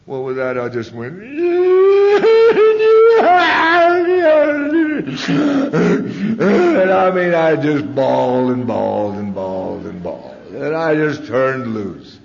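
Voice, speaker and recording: A man's voice: mid-range voice, very animated, normal speed, creaky, hardly any pauses, crowd noise. A man giving a live personal testimony talk, telling his story in a folksy, candid way with fillers, at a podium microphone. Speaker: speaker sharing his story. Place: large convention hall. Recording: long hall reverb, dull lo-fi 1990s tape.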